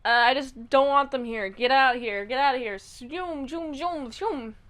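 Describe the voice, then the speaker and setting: A brash male crook, greedy and easily bored, talks loud and excitable with a sarcastic streak, as a woman puts him on in a casual recap. The voice sits high. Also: brisk, clean tone, natural voice. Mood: irritated.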